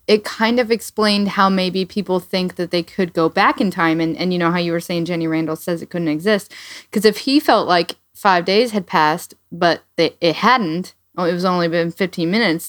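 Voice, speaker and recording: A woman's voice: on the low side, no room sound, clean studio sound. A woman co-hosting a podcast, reacting to the story and thinking aloud with restarts. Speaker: podcast co-host. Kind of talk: casual chat.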